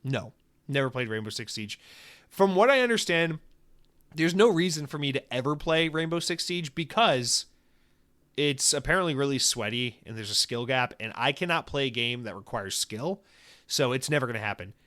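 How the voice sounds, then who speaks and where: A man's voice: medium pitch, moderate pace. A young man hosting a solo podcast, rambling and swearing as he tells stories and rants. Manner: rambling, profane, animated storytelling. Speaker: podcast host. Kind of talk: casual solo podcast rant.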